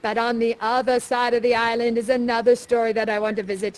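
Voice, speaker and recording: A young woman guiding players through interactive live theater, playful and theatrical, coaching them with a steady stream of "that's right.". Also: a little high, moderate pace, hardly any pauses.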